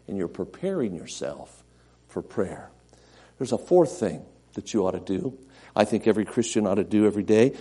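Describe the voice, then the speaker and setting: A middle-aged man preaching a sermon as pastor, earnest, repeating himself and moving between loud and soft delivery. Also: fairly low pitch, slightly rough.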